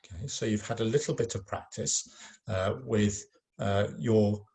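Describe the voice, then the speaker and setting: A man's voice: lowish voice, a little slow, gravelly, dark tone. A man teaching a recorded lesson to children in an informal, encouraging way, with frequent ums and uhs.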